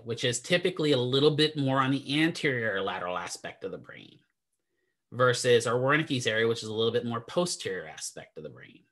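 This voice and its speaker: Lecturing to a physical therapy class, this instructor drifts into tangents and keeps asking his students questions in a talkative style. His voice is mid-range and sharp in tone.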